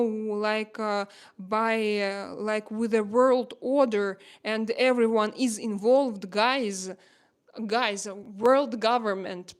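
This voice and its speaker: A woman in her thirties from Russia, speaking English with a Russian accent as a livestream host, emotional and pleading, halting often to find words. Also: a little high. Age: 30s. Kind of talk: casual livestream chat.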